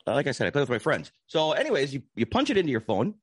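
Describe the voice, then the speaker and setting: Husky man doing a playful ad. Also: wildly swooping pitch, very fast, no echo, studio quality. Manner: playful salesy pitch. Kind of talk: comedic ad read.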